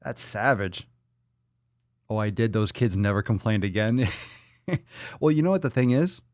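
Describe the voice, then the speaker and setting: With lively intonation and a normal pace, a man hosts a joking, foul-mouthed live-stream podcast, reading comments from viewers out loud. The studio-quality recording has no room sound, and he sometimes slips into high, soft baby talk for a pet.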